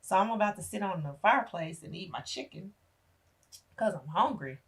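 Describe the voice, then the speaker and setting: A woman's voice: medium pitch, lively intonation, moderate pace, slightly rough. A middle-aged woman, a podcast guest, telling a painful personal story with emotion and acting out the voices of family members.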